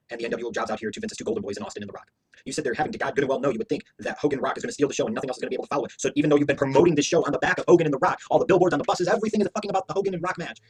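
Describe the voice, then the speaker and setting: A man's voice: mid-range voice, very fast, slight background noise. A man giving a heated, profane, opinionated review rant as a wrestling show reviewer, hammering his points with emphatic repetition.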